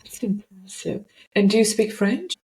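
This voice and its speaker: A woman's voice: medium pitch, animated, moderate pace, a little mellow, poor audio. A woman hosting a podcast interview, effusive and enthusiastic, often restarting her sentences. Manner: effusive, stumbles over words. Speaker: podcast host. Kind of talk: casual interview chat.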